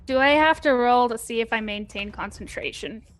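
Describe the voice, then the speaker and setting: A woman's voice: a little high, normal speed, a bit bright, faint music behind. A woman playing in a tabletop game, upbeat and asking questions about the rules. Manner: upbeat, short reactions, asks rules questions. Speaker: player. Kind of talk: casual tabletop play.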